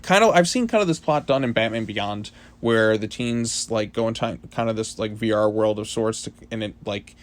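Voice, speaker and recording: A man's voice: lowish voice, normal speed, few pauses. A man reviewing a comic book issue in a casual, rambling monologue full of fillers.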